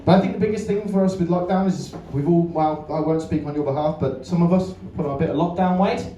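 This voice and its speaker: A man's voice: on the high side, fast, far from the mic, dull audio, noisy background. A man doing a stand-up comedy set in a club, bantering with the crowd and swearing freely. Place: comedy club stage with a live audience. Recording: roomy live club recording, off-mic, crowd. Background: audience laughter.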